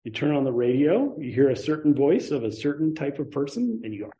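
A man's voice: medium pitch, fairly quick, dark tone, poor audio. A man teaching Buddhist ideas in a casual, conversational dharma talk, with playful asides.

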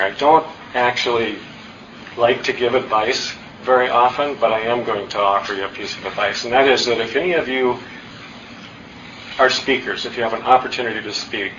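A middle-aged man giving an earnest, self-deprecating public talk, with halting restarts. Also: medium pitch, fairly bright tone, reverberant, a little hiss or hum. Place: hall with an audience. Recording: distant, dull lo-fi talk recording.

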